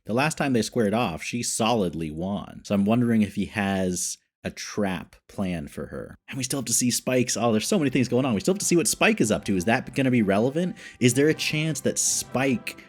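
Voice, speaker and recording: A man hosting a reaction video, chatting casually and excitedly as he thinks aloud. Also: on the low side, moderate pace, few pauses.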